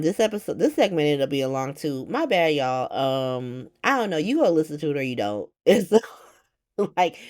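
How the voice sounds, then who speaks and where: A woman with a low, slightly mellow voice hosts a casual podcast recapping a soap opera. Blunt and sarcastic, she swears freely, rambles through fillers and keeps firing off exasperated rhetorical questions.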